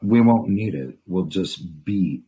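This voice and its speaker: Male host, deep and husky, effusive, talks over callers. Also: lively intonation, slow pace, mellow. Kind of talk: casual live call-in chat.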